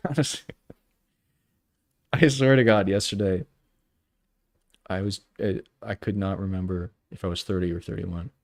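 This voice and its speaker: A man in his early thirties with a somewhat low voice muses half to himself as he sketches, stopping and restarting his thoughts. He drops wry jokes at his own expense. The sound is close and dry, with no room around it. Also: steady tone, creaky, darkish tone, dry recording. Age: 30s. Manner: halting, self-questioning, trailing off often; wry self-deprecating humor. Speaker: artist streaming live. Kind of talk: casual think-aloud commentary while drawing.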